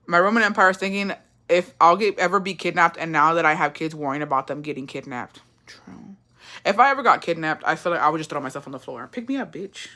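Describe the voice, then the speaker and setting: A young adult woman chats casually with her viewers. Her voice sits slightly low yet sounds bright and forceful. She talks bluntly, swears freely and calls everyone bestie. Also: quick pace. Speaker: livestream host reading viewer comments. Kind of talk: casual chat.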